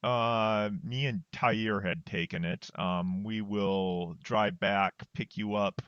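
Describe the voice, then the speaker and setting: Slow hesitant man on a dull mic. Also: lowish voice, fairly even intonation, a bit bright, clean tone, no room sound. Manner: slow, hesitant, many ums. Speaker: player. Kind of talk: in-character tabletop message.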